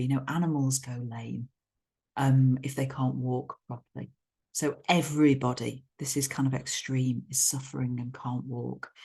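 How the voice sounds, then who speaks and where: A woman's voice: a bass voice, vocal fry, darkish tone. A woman teacher explaining a poem in a loose, thinking-aloud way, sometimes chanting stress patterns to show the rhythm. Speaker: English literature teacher. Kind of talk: explanatory poetry lesson.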